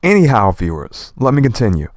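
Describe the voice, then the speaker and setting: A young man with a slight lisp rambling in animated commentary while reading a manga aloud, dropping in old-fashioned verb endings. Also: mid-range voice, no room sound, clean studio sound. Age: young adult. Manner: animated, fast and passionate talker.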